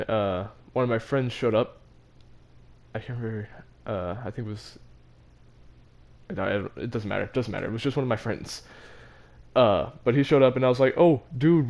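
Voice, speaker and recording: With a medium-pitched, slightly mellow voice, a teenage vlogger rambles through a tale about his school. He's casual and self-mocking, often restarting and using many fillers.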